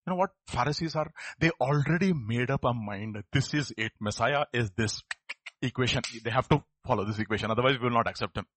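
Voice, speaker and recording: A man's voice: medium pitch, a little fast, fairly bright tone, no room sound. A man preaching a sermon, asking his listeners rhetorical questions. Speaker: pastor.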